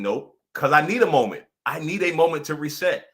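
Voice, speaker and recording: Bright, animated male livestream coach. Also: fairly high pitch, brisk. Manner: animated, laughs often, repeats lines for emphasis. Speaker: pastor and life coach hosting a weekly livestream. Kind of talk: casual livestream motivational talk.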